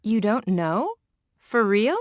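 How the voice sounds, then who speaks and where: A woman's voice: medium pitch, very animated, takes it slowly, no echo, studio quality. An actress playing an enthusiastic young woman in a course dialogue. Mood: emphatic. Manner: incredulous, emphatic. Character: enthusiastic young woman talking about a musician.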